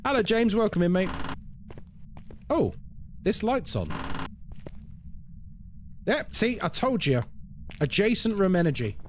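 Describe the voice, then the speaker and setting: Male streamer, chatty live gameplay commentary, fairly high voice with lots of pitch movement. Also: big pitch swings, takes it slowly, long pauses, a little hiss or hum. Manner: chatty, reacts aloud to the game and greets viewers. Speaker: horror game streamer.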